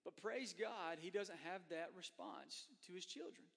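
A man's voice: sits high, a little slow, gravelly, fairly bright tone. A man preaching a conversational sermon as a pastor, slipping into voices for the people he quotes. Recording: long hall reverb.

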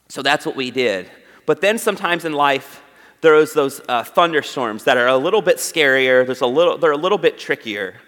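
A man giving a conversational sermon as pastor, acting out the disciples' lines in raised voices and dropping softly to stress his points. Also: medium pitch, big-room sound. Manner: conversational preaching, acts out the disciples' voices, drops to soft earnest tones. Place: church sanctuary.

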